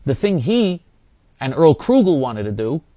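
A man's voice: fairly high pitch, big pitch swings, a little slow, warm tone, no room sound, highs cut off. An older man hosting a talk radio show, answering listeners in an emphatic, repetitive monologue. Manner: emphatic and repetitive, hammering points again and again.

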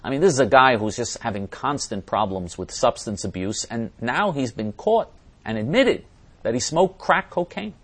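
A man's voice: mid-range voice, animated, moderate pace, breathy edge. A man hosting a talk show, answering viewer comments in a blunt, indignant monologue with frequent restarts. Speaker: host answering viewer questions.

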